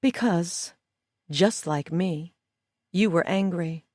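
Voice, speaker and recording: A woman voicing a smug, cold female schemer who speaks calmly and condescendingly. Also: lowish voice, no room sound, clean studio sound. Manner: calm, slow and condescending.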